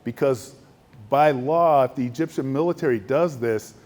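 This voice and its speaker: A middle-aged Air Force general tells a story during a luncheon speech at a moderate pace. He's an animated storyteller, acting out the other characters' voices by raising his pitch.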